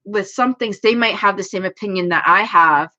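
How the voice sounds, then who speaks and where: A young woman who makes anime YouTube videos chats casually on a livestream from home, rambling and poking fun at herself. Her mid-range voice is bright and forceful at a moderate pace, and the stream audio is dull and lo-fi.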